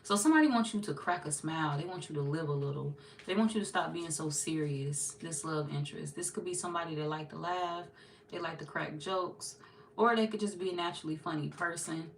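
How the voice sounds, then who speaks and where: A woman's voice: deep voice, fairly quick, slight background noise. A woman giving a casual, chatty tarot reading to her viewers, laughing often and slipping into playful quoted voices. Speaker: tarot reader.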